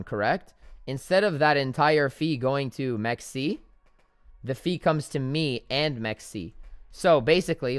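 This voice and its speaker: A man's voice: mid-range voice, smooth, dry recording, clean studio sound. A young man chatting casually on a live trading stream, joking and making fun of himself as he goes. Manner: chatty, joking, self-deprecating.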